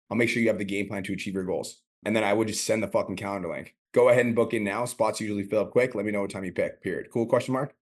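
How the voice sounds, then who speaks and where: Man, rapid-fire, lowish voice, profane, blunt coaching talk. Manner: profane, direct, emphatic. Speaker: business coach, host.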